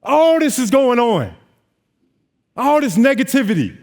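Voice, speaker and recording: Animated young man telling his story. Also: extremely high pitch, measured pace. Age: 20s. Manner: animated storytelling, acts out dialogue. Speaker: notary business owner. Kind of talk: motivational stage talk.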